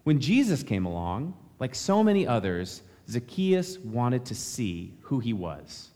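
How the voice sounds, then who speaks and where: A man's voice: medium pitch, very animated, a little slow, mellow. A man pastor giving a conversational, friendly sermon in a church sanctuary. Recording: reverberant church hall.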